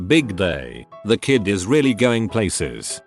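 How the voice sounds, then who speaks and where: A man's voice: lowish voice, big pitch swings, takes it slowly, music in the background. A man reading posts aloud as scripted narration, voicing the text very literally.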